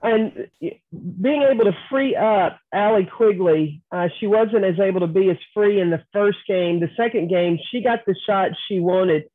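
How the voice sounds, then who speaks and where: A woman's voice: mid-range voice, moderate pace, no echo. A woman reporter asking a coach questions at a press conference, friendly and direct. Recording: dry phone-like line.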